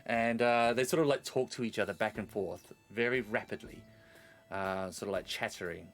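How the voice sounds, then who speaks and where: A man's voice: fairly low pitch, moderate pace, fairly bright tone. Rambling male game master. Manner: rambling, with many fillers and restarts. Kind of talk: narrating a tabletop game.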